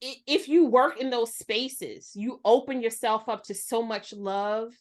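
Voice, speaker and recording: Woman in her forties, lively storyteller, slightly high voice, casual podcast guest. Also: a little slow. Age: 40s. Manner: animated storyteller, acts out voices. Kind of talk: casual conversation.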